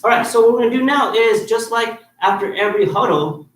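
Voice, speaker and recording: A man's voice: extremely high pitch, a little fast, a bit bright. Roomy-sounding man coaching a kids' class. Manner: firm and encouraging, checks in with "okay?" after nearly every point. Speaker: martial arts instructor. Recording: echoey room with faint noise.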